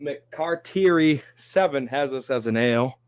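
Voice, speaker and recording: A man hosting a live-stream sports talk show, talking with animated energy and reading viewer comments aloud. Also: mid-range voice, slow, no echo.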